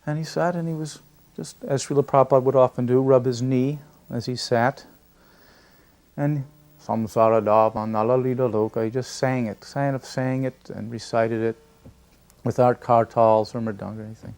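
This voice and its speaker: A man's voice: mid-range voice, steady tone, moderate pace, creaky, darkish tone. A man telling a personal story in an interview, acting out quoted dialogue and laughing often. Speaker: devotee sharing memories.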